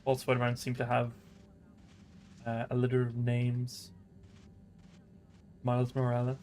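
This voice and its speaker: A man's voice: mid-range voice, completely flat delivery, a little slow, darkish tone, slight background noise. A man hosting a casual let's-play stream, joking, laughing often and drifting into rambling tangents. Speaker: gaming channel host.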